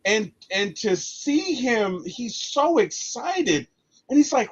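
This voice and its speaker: A husky-voiced man talks about movies with lots of feeling. His pitch swings widely as he gets caught up in the story. The recording sounds muffled and lo-fi. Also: slow. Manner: animated, emotional storytelling. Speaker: podcast co-host. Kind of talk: casual movie discussion.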